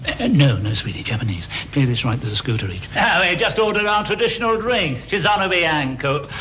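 A pompous, showy English gent. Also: male voice, fairly high pitch, very animated, brisk, pushed and bright, a little hiss or hum, low-quality recording. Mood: pompous, flustered. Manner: affected, showy, sprinkles foreign words. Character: suave, pompous middle-aged Englishman, fussy about drinks. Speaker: actor in a television advert. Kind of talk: 1980s TV advert comedy acting.

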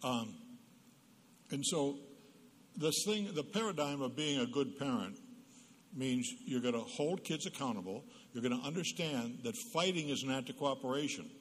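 In a reverberant church hall, a psychologist with a mid-range, expressive, husky voice gives a humorous parenting talk as a guest speaker over a PA microphone. Speaking at normal speed, he tells stories and acts out the quotes.

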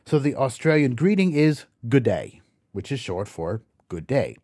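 A man hosting an educational podcast, reading a scripted explanation slowly and carefully and spelling words out letter by letter. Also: mid-range voice, very animated, warm tone, dry recording, studio quality. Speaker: podcast host.

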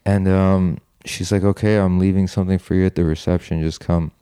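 A man's voice: low voice, steady tone, a little fast, dark tone, smooth, dry recording, studio quality. A man telling a personal story in a loose, rambling way, full of "like" and "you know", with casual swearing. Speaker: guest telling his story.

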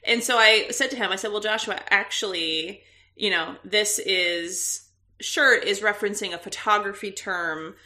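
A woman's voice: mid-range voice, unhurried. A woman in her thirties, a podcast co-host, telling a story in casual chat with frequent laughs. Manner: animated storyteller, laughs often.

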